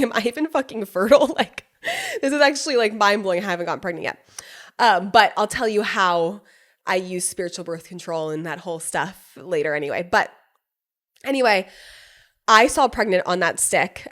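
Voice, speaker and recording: A young woman hosting a podcast, telling a personal story in a casual, animated way, laughing often, swearing freely and acting out what others said. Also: medium pitch. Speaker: podcast host.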